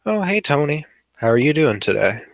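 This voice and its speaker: Guy doing a chill polite dude, low gravelly voice, dry sound. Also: big pitch swings, moderate pace, no echo. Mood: cheerful. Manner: polite, easygoing. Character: friendly medium-sized man in a long coat.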